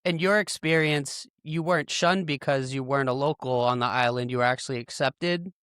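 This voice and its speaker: A man's voice: mid-range voice, fairly quick, fairly bright tone, clean tone, dry recording, clean studio sound. A man hosting a podcast, chatting in a thoughtful, hesitant way with frequent restarts. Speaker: podcast host. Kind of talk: casual interview chat.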